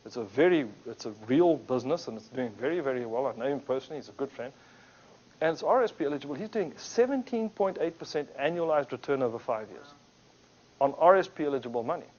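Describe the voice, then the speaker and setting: Lively man telling business stories. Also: medium pitch, quick pace. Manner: animated storyteller, acts out quotes. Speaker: speaker at a business talk. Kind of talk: anecdotal business talk. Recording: dull lo-fi recording.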